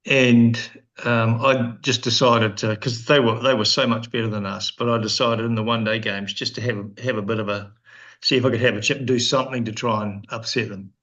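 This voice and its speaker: A man's voice: medium pitch, fairly even intonation, brisk, fairly bright tone. A New man in his sixties telling rambling, dryly funny anecdotes as an interview guest, with frequent restarts. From New Zealand. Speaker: guest, former cricketer. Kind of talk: casual storytelling interview. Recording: dull lo-fi podcast recording.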